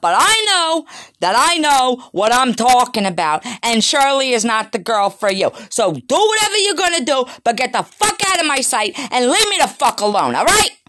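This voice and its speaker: A woman's voice: fairly high pitch, fairly bright tone, no room sound. A woman voicing a blustering, cursing father who lays down the law to his son. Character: gruff protective father, middle-aged man.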